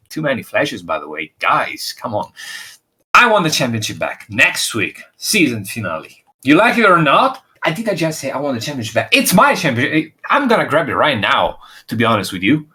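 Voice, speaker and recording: A man's voice: mid-range voice, wildly swooping pitch, pushed and bright. A man playing a boastful wrestling champion in voice chat role-play, talking indignantly. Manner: boastful and indignant, quick interjections. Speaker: virtual wrestler in a press conference.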